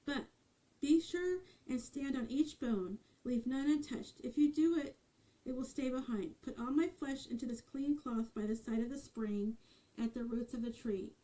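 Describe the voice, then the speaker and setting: A woman's voice: high-pitched, normal speed, dark tone, lightly acted, rough recording. Woman reading as Auburn Mary, a resolute young helper. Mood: urgent. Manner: urgent, commanding instructions. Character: kind, resolute young giant's daughter.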